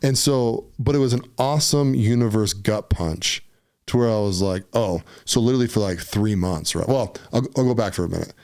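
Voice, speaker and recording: A man from Utah, a podcast guest, telling a personal story in a casual, animated way, often saying "dude" and "right?". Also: lowish voice, brisk.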